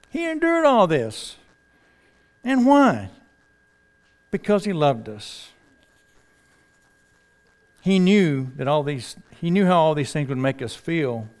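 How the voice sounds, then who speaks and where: A man preaching in a relaxed, folksy way, talking to his congregation like neighbors over a fence. His voice sits a little high for a man, and he leans on rhetorical questions to draw people in. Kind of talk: sermon.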